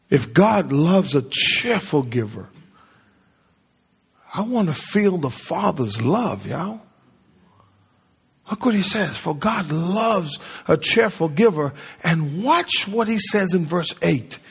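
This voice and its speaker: A pastor whose voice sits on the high side, slightly rough with vocal fry, preaches to his flock. He quizzes them call-and-response style as he speaks, and the sanctuary's long hall reverb trails his words.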